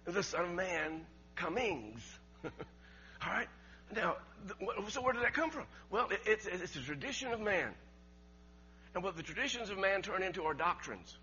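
A man preaching a sermon, emphatic and rising to near shouts, with laughs between his points and words he repeats. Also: sits high, lively intonation, moderate pace. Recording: dull lo-fi recording with mains hum.

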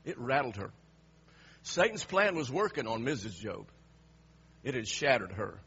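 A man preaching a sermon, dropping to hushed lines and then rising to emphatic, raised passages. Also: mid-range voice, sing-song, measured pace, gravelly, pauses often, breathy edge, highs cut off.

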